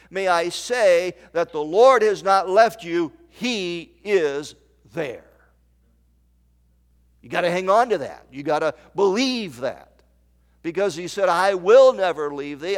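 A male pastor delivering a sermon in an unhurried, measured cadence. His voice sits a little high, and he quotes old-style scripture, swinging between soft near-whispers and ringing emphasis. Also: clear, resonant tone. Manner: quoting King James scripture.

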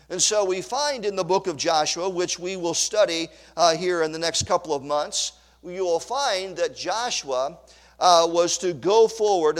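A man preaches a sermon in a high voice, pressing his points by repeating key phrases and reading scripture aloud. The sound rings with a long hall reverb, as in a church sanctuary. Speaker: pastor.

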